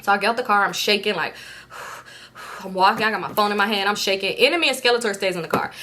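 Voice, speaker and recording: A woman in her late twenties telling a storytime vlog story in a casual, animated way, full of slang and cursing. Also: mid-range voice, very fast. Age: late 20s. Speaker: storytime vlogger.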